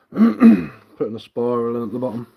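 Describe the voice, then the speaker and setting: A man's voice: mid-range voice, very animated, measured pace, vocal fry, phone-quality sound, slight background noise. A man with a London Cockney accent and a touch of Sussex, chatting casually on a livestream while he carves wood, rambling a little and answering viewer comments. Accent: London Cockney with some Sussex. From England. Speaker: livestreaming bushcraft woodcarver.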